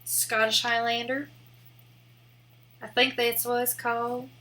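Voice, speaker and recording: A woman's voice: fairly high pitch, flat delivery, slow, sharp tone, a little hiss or hum. A young woman streaming live, rambling in a casual, giggly way with lots of "like" fillers. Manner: rambling and giggly, heavy use of "like".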